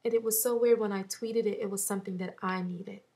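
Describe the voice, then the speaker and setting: A woman in her thirties talking through a personal loss in a vlog, halting and heartfelt, close to tears at times. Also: mid-range voice, steady tone, warm tone. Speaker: vlogger.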